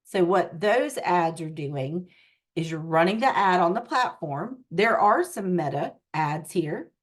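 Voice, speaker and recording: A woman tech coach leading a live online training over a video call, explaining at an unhurried pace and often checking in with her listeners. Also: lowish voice, animated.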